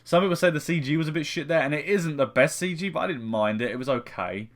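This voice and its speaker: A man's voice: on the high side, quick pace. Rambling, foul-mouthed young man reviewing films. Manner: rambling, heavy swearing, frequent restarts. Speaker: film reviewer. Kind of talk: casual spoken film review.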